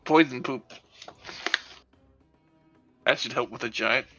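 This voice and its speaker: Guy player chatting at a game table, kinda bright, slightly muffled lo-fi mic. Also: medium pitch, slow pace, faint music behind. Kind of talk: casual chat at a game table.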